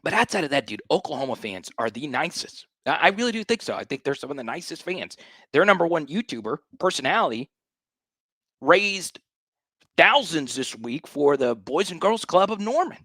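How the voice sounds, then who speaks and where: A man's voice: a little high, normal speed, no echo. Hyped-up man ranting as a fan show host. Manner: hyped, animated, repeats himself for emphasis. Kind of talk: fired-up livestream fan rant.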